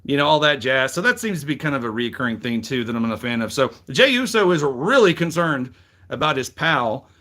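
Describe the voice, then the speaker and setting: A man's voice: medium pitch, very animated, fairly quick, sharp tone. A middle-aged man with a Southern US accent, casually recapping wrestling as a show host, rambling, frank and swearing freely. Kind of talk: casual commentary.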